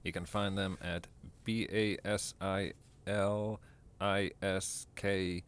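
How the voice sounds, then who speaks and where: Easygoing man, lower voice. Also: takes it slowly, clean tone. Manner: laughing, stumbling over words. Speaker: podcast co-host. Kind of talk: casual chat.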